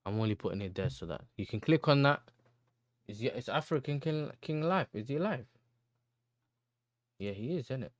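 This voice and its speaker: A man's voice: medium pitch, animated, normal speed, pauses often, no room sound. A man hosting a football livestream, chatting casually in slang and talking straight to his viewers. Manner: slangy, laid-back, addresses chat directly.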